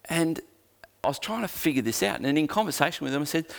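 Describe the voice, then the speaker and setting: A man's voice: a little high, animated, fast talker, gravelly, a bit bright. Australian man preaching a sermon. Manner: conversational, earnest, with joking asides. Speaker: pastor.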